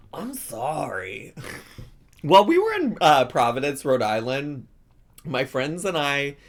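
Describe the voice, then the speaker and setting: Sassy Midwestern man with a cough. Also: fairly bright tone. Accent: Southern Illinois Midwestern. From Southern Illinois, USA. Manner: sassy and playful, big jumps up in pitch. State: lingering cough, cough drop in mouth. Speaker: YouTuber host. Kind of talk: casual reaction vlog chat.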